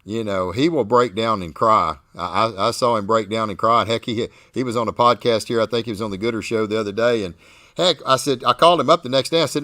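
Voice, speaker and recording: A man hosting a barbecue talk show, telling stories with animated enthusiasm. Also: lowish voice, fast talker, no room sound, studio quality. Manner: animated, enthusiastic storytelling with frequent restarts. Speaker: podcast host. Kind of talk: casual chat.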